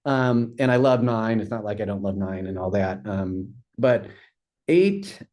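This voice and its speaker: A conductor chatting casually on a podcast, enthusiastic and rambling, full of fillers and restarts. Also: male voice, lowish voice, lively intonation, a little slow, darkish tone. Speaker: orchestra conductor.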